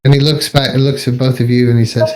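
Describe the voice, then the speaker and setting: A man narrating as game master of a tabletop game, halting and searching for words. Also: medium pitch, little pitch movement, a little mellow, poor audio. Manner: halting, full of ums and restarts.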